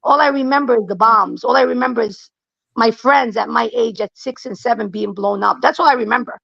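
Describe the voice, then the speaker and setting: A blunt, emphatic middle-aged woman, her voice a touch high and gravelly with fry. She talks casually and repeats her points for weight. The sound is dull and lo-fi in a dry, dead space. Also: fairly quick, fairly bright tone, no room sound. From Lebanon. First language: Aramaic. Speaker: guest. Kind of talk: casual conversation.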